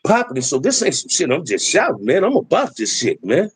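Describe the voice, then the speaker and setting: Man, middle-aged, husky, dry sound, emphatic preachy street talk, livestream host. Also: on the high side, huge pitch swings, fairly quick, no echo, low-quality recording.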